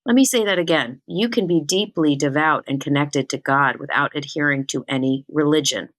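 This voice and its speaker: A woman hosting her own spiritual podcast, talking in a chatty, animated and self-teasing way. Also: deep voice, normal speed, dry recording. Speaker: spiritual medium and podcast host. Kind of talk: casual solo podcast talk.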